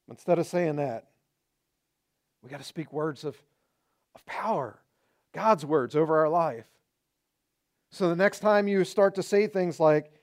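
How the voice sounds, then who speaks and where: A man's voice: fairly high pitch, a little slow, long pauses, a little mellow. A male pastor preaching a sermon, earnest and exhorting, hammering home short repeated phrases.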